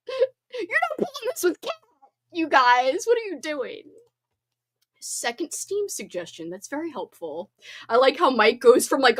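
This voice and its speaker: A high-voiced woman hosting a laid-back livestream, reading her viewers' comments aloud. She is giggly and playful, tossing out mock threats between fits of laughter. Her voice swoops all over, and the sound is close and dry with no room echo. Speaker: livestream host.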